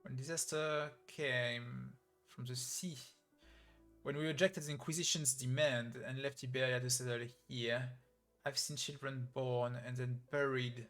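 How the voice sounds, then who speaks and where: A man's voice: medium pitch, fairly even intonation, measured pace, fairly bright tone, soft background music. A man reading as a weary old abbot. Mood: sorrowful. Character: weary old male abbot, sorrowful and devout.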